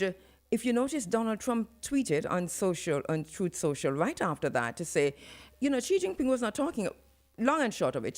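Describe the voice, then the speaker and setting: A woman hosting live radio commentary, talking in an animated way and switching into patois for emphasis. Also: on the low side. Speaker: radio talk show host. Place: radio studio.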